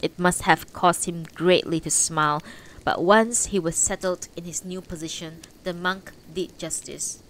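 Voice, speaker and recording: A woman's voice: fairly low pitch, fairly even intonation, unhurried, fairly bright tone, slight background noise, poor audio. A woman reading a novel aloud on a livestream, unpolished, correcting her slips as she goes. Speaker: audiobook reader on a livestream.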